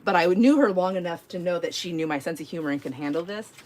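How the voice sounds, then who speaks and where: Talking fast in a fairly low, darkish voice, a middle-aged woman streams live crafting from her home. Her casual chat wanders into a rambling story packed with fillers and giggles, with slight background noise present.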